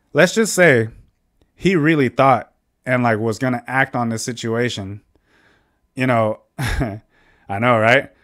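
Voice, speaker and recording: A young adult man, a podcast co-host, telling a personal story in casual chat, heated and profane, loudly acting out his own lines as he goes. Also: mid-range voice.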